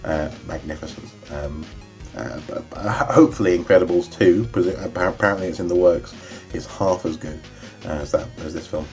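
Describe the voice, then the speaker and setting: A man's voice: deep voice, fairly quick, a little mellow, faint music behind. A young man chatting casually about his film collection, rambling and enthusiastic, with many fillers and restarts. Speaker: vlogger reviewing his DVD collection. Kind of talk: casual chat.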